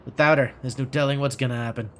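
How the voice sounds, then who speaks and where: A man's voice: mid-range voice, steady tone, quick pace, fairly bright tone, slight background noise, close to an everyday voice. A man reading aloud a weary, resigned game character who says he has already died once. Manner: tired and resigned.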